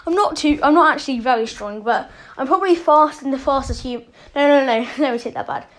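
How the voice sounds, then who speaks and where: A woman's voice: high-pitched, a little fast. A woman casually telling a made-up story as a channel host, rambling and correcting herself often. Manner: rambling, with many fillers and self-corrections.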